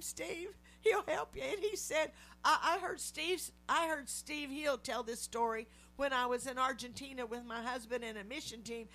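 A middle-aged woman preaching a testimony sermon, animated storytelling that acts out the voices she quotes. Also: sits high, slight background noise. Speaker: lay preacher.

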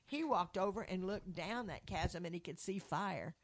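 A woman's voice: lowish voice, moderate pace. A woman telling a religious testimony story to a group in an earnest, rambling conversational way, with frequent restarts. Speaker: speaker sharing a faith testimony.

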